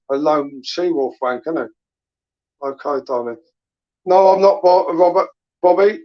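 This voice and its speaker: A man's voice: a little high, no room sound, highs cut off. A young man hosting a late-night live chat stream, reading viewers' messages and bantering crudely in laddish slang. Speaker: livestream host reading chat.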